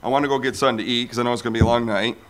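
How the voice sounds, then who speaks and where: A man in his forties telling a personal faith story, animated and acting out the voices of people he quotes. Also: racing. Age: 40s. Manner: animated storyteller who acts out quoted voices with big pitch jumps. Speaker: speaker sharing a personal testimony. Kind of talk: storytelling testimony talk.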